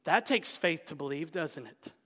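A man preaching an Easter sermon, moving between loud exclamations and hushed whispers. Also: fairly high pitch, lively intonation, normal speed, slightly rough. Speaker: pastor. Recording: long reverb of a large hall.

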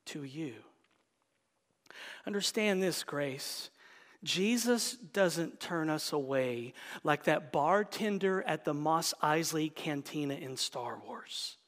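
A man preaching a sermon as pastor, dropping often into a hushed, whispered emphasis. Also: a little high, animated, slow, big-room sound.

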